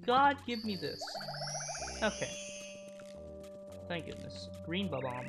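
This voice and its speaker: A woman's voice: lowish voice, very animated, takes it slowly, pauses often. A woman streaming a game, chatting to herself and laughing at her own moves. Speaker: let's play streamer. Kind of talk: casual gameplay commentary. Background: game music.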